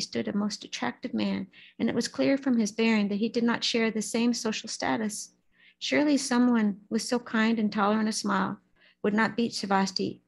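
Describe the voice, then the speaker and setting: A woman reads a long story aloud for a Buddhist service, keeping a steady storytelling pace and now and then restarting a hard name. Her voice sits a little high and has a gravelly, husky grain. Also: low-quality recording. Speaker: lay speaker at a Buddhist service.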